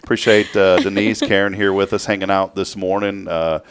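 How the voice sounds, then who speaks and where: A man hosting a morning radio show in a studio, chatting casually and telling animated stories with a laugh. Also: deep voice, fairly quick.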